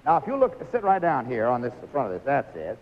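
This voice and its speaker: A man's voice: medium pitch, huge pitch swings, quick pace, highs cut off. A man hosting a live 1950s television game show, coaxing contestants through stunts with a jovial, laughing manner.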